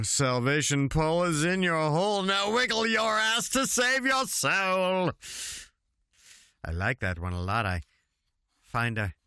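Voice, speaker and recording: A man's voice: medium pitch, a bit bright, clear, resonant tone, dry recording, clean studio sound. A man reading rhymed comic verse aloud at home, with wry, chuckling asides between the verses. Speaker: reader. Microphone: home recording setup.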